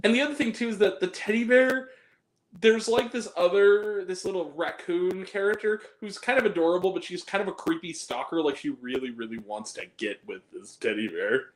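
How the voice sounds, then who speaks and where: A man's voice: sits high, a little fast, a little hiss or hum. A man reviewing a film on a podcast in casual chat, swearing freely and often breaking into laughter. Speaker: podcast guest. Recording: roomy echo.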